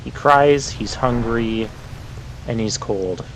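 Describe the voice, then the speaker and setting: Gravelly man doing casual game commentary. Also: medium pitch, takes it slowly, slight background noise. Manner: wry, chatty, lightly sarcastic. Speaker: let's play host. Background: game music.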